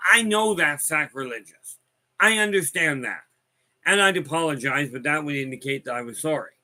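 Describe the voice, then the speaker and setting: Wry, bright-voiced man telling folksy stories. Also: a little high. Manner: rambling, wry, folksy storyteller who reads viewer comments aloud. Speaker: host of a live talk stream. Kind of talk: casual storytelling chat.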